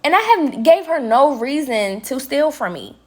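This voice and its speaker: Young adult woman, higher voice, casual storyteller who acts out the quotes. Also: moderate pace. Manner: chatty, addresses viewers as y'all, quotes people with lively voices. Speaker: vlogger and nail tech.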